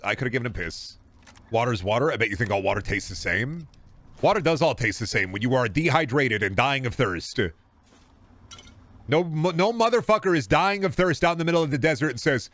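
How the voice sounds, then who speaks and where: A young adult man streaming a game, ranting to chat in a profane, animated way and slipping into comic voices. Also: mid-range voice, a little fast. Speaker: gaming streamer. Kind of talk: casual rant to stream chat.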